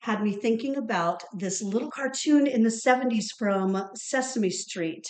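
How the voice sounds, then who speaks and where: A woman from Ohio co-hosts a cooking podcast, chatting and telling stories as she cooks. Her voice sits slightly high and she laughs often. The echoey kitchen rings around her. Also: unhurried. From Ohio, USA. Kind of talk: casual chat while cooking.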